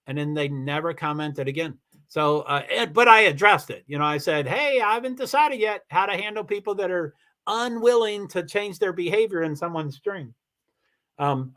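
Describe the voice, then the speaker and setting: A man live streaming, chatting casually and reading out viewer comments in a rambling, halting way with frequent restarts and laughs. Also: a little high, pushed and bright.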